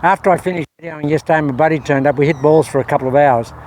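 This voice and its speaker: Man, slightly high voice, golf vlogger chatting and coaching himself outside, faint background noise. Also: racing, darkish tone. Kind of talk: casual talk to camera while practising. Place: outdoor golf practice area.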